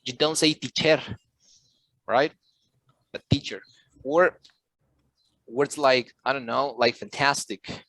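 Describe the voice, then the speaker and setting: A man's voice: medium pitch, slow, pauses often, a bit bright, dry recording. A man teaching an English lesson, explaining patiently, repeating key points, quizzing students and sometimes switching into Spanish. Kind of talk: online class lesson.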